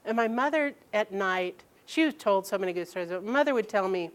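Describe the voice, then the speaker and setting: Animated woman telling a personal story. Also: mid-range voice, fairly quick, few pauses, clean tone. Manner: animated, laughing, quoting her mother in lively bursts.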